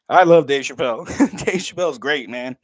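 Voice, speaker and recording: A man's voice: fairly high pitch, husky, no echo, clean studio sound. A man in his thirties chatting casually on a livestream, laughing often, swearing freely and talking straight to his viewers. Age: 30s.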